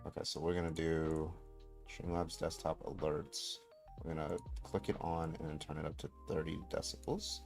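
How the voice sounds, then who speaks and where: Low male streamer, casual and profane, loud bursts, faint music behind. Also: flat delivery, moderate pace, vocal fry. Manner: profane, talks through tech setup with sudden loud outbursts. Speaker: livestream host. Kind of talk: casual livestream chat.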